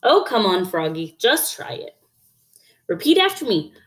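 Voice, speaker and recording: A woman's voice: mid-range voice, big pitch swings, a little slow. A woman voicing a patient, cheerful mother frog coaxing her son, in a storybook read-aloud. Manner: bright, coaxing, sing-song.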